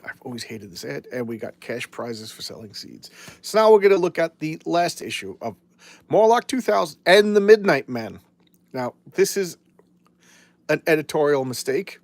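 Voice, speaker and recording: A man's voice: fairly high pitch, no echo. A man in his fifties hosting a casual live show about old comics, talking in a chatty, rambling way with many restarts and wry jokes. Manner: wry, jokey asides. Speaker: comic book show host.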